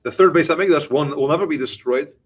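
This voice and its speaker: A rabbi giving a Torah class to a group, animated and explaining through questions and answers. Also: male voice, a little high, quick pace, husky, low-quality recording.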